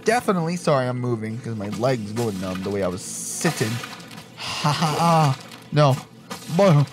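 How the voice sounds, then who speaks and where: Excitable young man commenting on gameplay. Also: medium pitch, brisk. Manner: excitable and profane, laughs and exclaims often. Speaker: gaming channel host. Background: game music.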